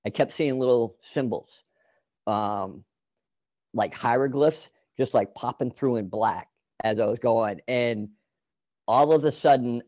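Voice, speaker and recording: A man's voice: medium pitch, a little mellow, no echo. A man telling a long personal story in casual chat, rambling with many fillers and restarts.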